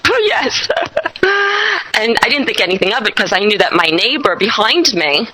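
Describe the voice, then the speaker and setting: A woman hosting an interview, telling a story in an animated way and laughing often. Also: medium pitch, quick pace, poor audio. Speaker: host.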